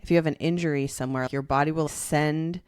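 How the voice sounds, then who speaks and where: A young woman co-host, chatty and explaining things at length, with a quick laugh. Her voice is smooth and clear and sits at a medium pitch, recorded close and dry. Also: steady tone, darkish tone, dry recording. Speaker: podcast co-host. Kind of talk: casual chat.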